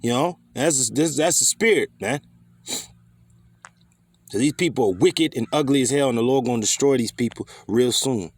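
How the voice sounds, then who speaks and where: A man's voice: medium pitch, normal speed. A man teaching scripture in a fiery, scolding way, swearing freely and firing rhetorical questions. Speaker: preacher.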